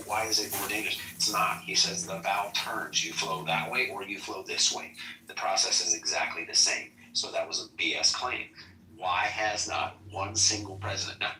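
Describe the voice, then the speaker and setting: A man's voice: fairly low pitch, expressive, a little fast, bright, forceful tone, recorded from a distance, slight background noise. A man hosting a casual political talk show, blunt and full of rhetorical questions. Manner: blunt, rhetorical questions, retells exchanges in quoted voices. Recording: echoey room, off-mic, faint TV behind.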